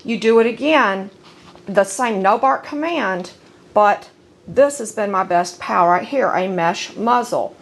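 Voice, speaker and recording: A woman's voice: mid-range voice, a little slow, vocal fry. A woman filming her dogs at home on a handheld camera, chatting in a rambling way between firm commands to them. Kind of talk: casual home video narration. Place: at home, indoors.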